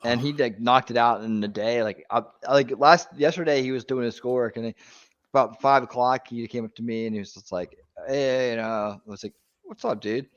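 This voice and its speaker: A man chatting casually on a stream, telling an anecdote in an animated way with lots of fillers. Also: medium pitch, a little fast, muffled recording. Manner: animated storyteller, many fillers. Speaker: stream guest. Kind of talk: casual chat.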